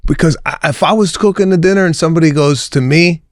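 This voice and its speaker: A man's voice: on the high side, fast talker, no echo, studio quality. A middle-aged man co-hosting a podcast, chatting casually and acting out both sides of conversations as he tells stories. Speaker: podcast co-host. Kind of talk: casual chat.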